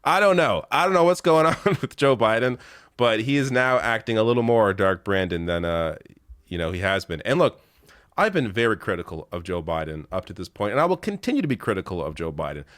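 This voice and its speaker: A man's voice: lowish voice, big pitch swings, a little fast, fairly bright tone, no room sound, clean studio sound. A man giving blunt, profane online political commentary, rattling off lists with rising, incredulous emphasis.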